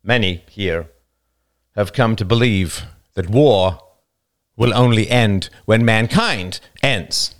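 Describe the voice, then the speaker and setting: A man's voice: fairly low pitch, slow pace. A man voicing a bearded male leader of a zealous brotherhood, preaching solemnly and crying out in desperation.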